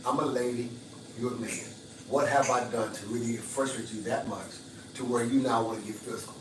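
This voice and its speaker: A soft-spoken woman coaxes her angry partner in a low, hushed voice, as a man puts her on. Her tone stays tender and pleading. The voice sits back from the mic in a roomy space with faint ambience behind it. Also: brisk, recorded from a distance, background noise, close to an everyday voice. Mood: pleading calm.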